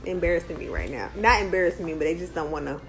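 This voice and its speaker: A woman's voice: lowish voice, expressive, racing, over music. A young adult mother chatting in playful sing-song baby talk to her little ones on a phone live stream. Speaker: mother livestreaming with her babies.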